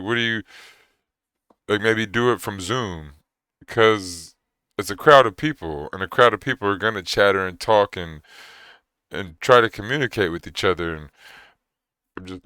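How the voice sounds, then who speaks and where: Deep-voiced man rambling in casual commentary. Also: bright, forceful tone, clean tone, no room sound, studio quality. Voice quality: very deep voice, words mushing together. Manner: rambling, conversational, acts out quoted exchanges. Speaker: commentator reacting to a video.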